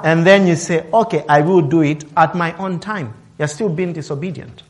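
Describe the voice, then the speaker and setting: Man preaching a sermon, higher voice. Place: office worker.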